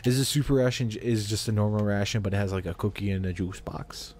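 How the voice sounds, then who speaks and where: A man with a fairly low voice talks through a video game as he plays. He rambles from one thought to the next and often talks to himself. A faint hiss sits under his voice. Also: quick pace, darkish tone. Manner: rambling, chatty, talks to himself while playing. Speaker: gamer. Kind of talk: let's play commentary.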